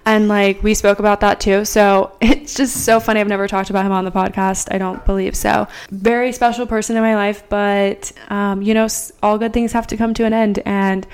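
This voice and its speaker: Young woman, podcast co-host, casual chat, rambling, swears a lot, smooth clear voice. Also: medium pitch, flat delivery, moderate pace, few pauses.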